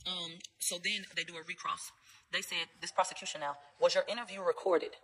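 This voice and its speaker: A woman with a lowish, husky voice gives trial updates in a casual commentary vlog, talking straight to her viewers. She's blunt and swears a lot, retelling testimony quickly and animatedly over a rough recording.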